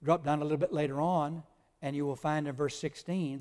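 A man's voice: a little high, steady tone, moderate pace. A male pastor preaching a sermon, teaching emphatically and spelling out Greek words to his congregation. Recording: long hall reverb.

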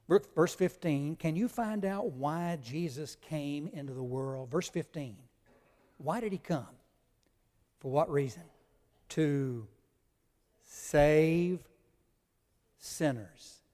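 A man's voice: fairly high pitch, slow, pauses often, warm tone. A male pastor preaching a sermon, teaching emphatically and spelling out Greek words to his congregation. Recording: long hall reverb.

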